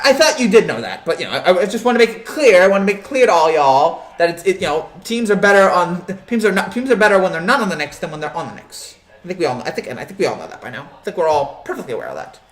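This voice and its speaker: A man's voice: on the high side, fairly bright tone, echoey room. Rambling joking man hosting a sports stream. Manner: rambling, joking, many restarts and fillers. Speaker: sports show host reading live chat. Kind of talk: casual live-stream chat.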